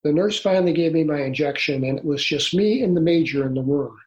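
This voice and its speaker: A man in his sixties, a guest author recounting his own past in an interview. He tells it earnestly and haltingly, with many restarts. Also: a little high, echoey room, muffled recording. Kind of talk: storytelling in an interview.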